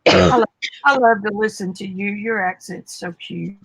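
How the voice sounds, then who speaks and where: A woman's voice: medium pitch, moderate pace, gravelly, a bit bright, slightly rough, no echo, low-quality recording. A woman chatting easily as a guest on a livestream. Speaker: guest artist. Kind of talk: casual livestream chat.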